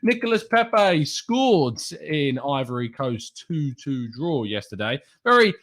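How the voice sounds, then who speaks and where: A man's voice: a little high, sing-song, takes it slowly, a bit bright. Chatty English man hosting a live show. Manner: chatty, reads out viewer names, slips into a put-on northern accent. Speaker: podcast host. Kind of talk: casual live-stream show chat.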